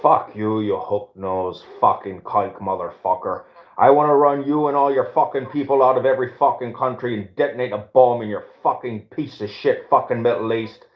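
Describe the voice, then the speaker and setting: A man's voice: medium pitch, moderate pace, close to an everyday voice. A man putting on a furious, foul-mouthed Northern Irish man who rants abuse, recorded in an echoey room. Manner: ranting, shouting abuse. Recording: roomy echo.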